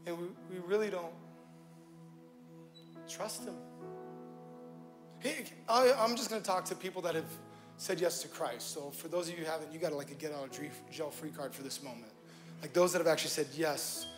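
A male pastor preaching to a live congregation, joking and shifting between loud bursts and hushed moments. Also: on the high side, moderate pace, pauses often, soft background music. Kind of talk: sermon. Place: church stage before a live congregation.

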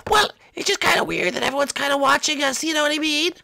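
A woman's voice: high-pitched, fast, vocal fry, bright, forceful tone, dry recording, studio quality, full character voice. A woman voicing a shy, nervous young mushroom girl in a Minecraft role-play. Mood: timid. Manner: timid, nervous.

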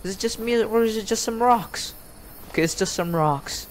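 A high-voiced man talks at normal speed while playing a horror game, with slight background noise. Frightened and jumpy, he swears a lot, gasping and yelping as he explores.

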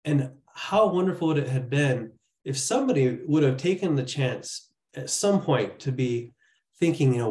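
A man's voice: medium pitch, brisk, darkish tone, reverberant. Earnest man presenting on a video call. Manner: earnest, storytelling, many restarts. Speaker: church training presenter. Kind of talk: casual training talk.

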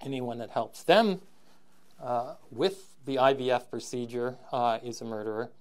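In a recorded university lecture, a Canadian man with a mid-range voice halts frequently, filling gaps with ums and clearing his throat often. He drops wry, sardonic asides along the way.

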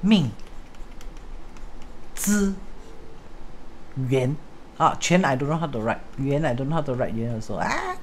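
A woman with a Singaporean English accent hosting a casual livestream chat, talking fast and loosely with viewers and dropping in Hokkien and Mandarin words. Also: very animated, slight background noise. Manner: chatty, mixes in Hokkien and Mandarin words, acts out callers in high voices. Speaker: host, fortune-telling teacher.

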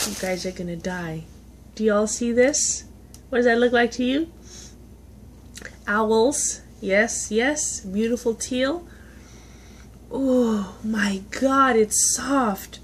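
A woman's voice: a little high, extremely slow, pauses often, a little hiss or hum. A woman, chatting casually on a vlog as she opens gifts, gushing, gasping and laughing. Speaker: vlogger. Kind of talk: casual unboxing chat.

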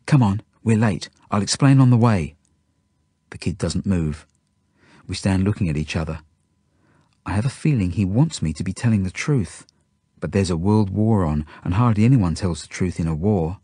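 A man reading his own novel aloud as audiobook narration, in a steady, plain first-person storytelling manner. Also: low-pitched, moderate pace, husky, no echo, clean studio sound.

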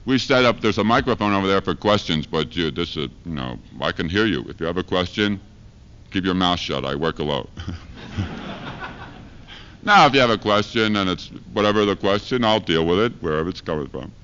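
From a dull, lo-fi 1970s live archive recording, a street preacher comedian performs a rambling, profane stand-up monologue with rhyming chants for a university lecture hall audience. His low voice is bright and smooth, with lively intonation and a fairly quick pace.

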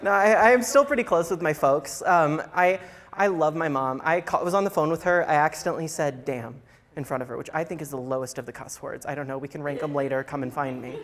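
A man's voice: a little high, fast. A young man from a small Southern town doing stand-up comedy on a live stage, brash, campy and profane. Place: live comedy venue with audience. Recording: loud crowd laughter and noise.

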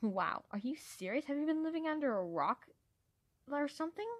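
A woman's voice: sits high, expressive, moderate pace, dry recording, pitched above the performer's own voice. A blunt, chirpy young female dragon champion, voiced by a woman reading aloud. She sounds eager and matter-of-fact, with a dry, close sound and no room around her. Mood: cheerful. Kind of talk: amateur audiobook character voice.

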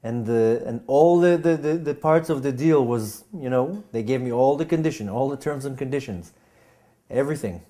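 A man telling a personal story, with a halting manner full of repeats and restarts, getting animated as he acts out scenes. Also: medium pitch. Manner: animated when acting out scenes. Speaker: speaker giving a personal testimony.

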